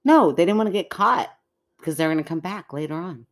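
A woman co-hosting a loose conversational show, with a slightly low voice that swings widely in pitch. She talks in a giggly, playful way and pokes fun at herself. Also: expressive, fairly quick. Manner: giggly, playful, self-mocking. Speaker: podcast co-host. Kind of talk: casual chat reacting to stories.

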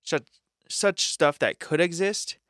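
A man's voice: on the high side, slow, fairly bright tone, no echo, studio quality. A man who coaches teenagers, talking bluntly on a casual podcast. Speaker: youth coach and podcast co-host.

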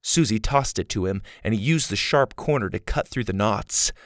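A man narrating a children's adventure story in a lively storytelling manner. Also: on the low side, moderate pace, no echo, studio quality.

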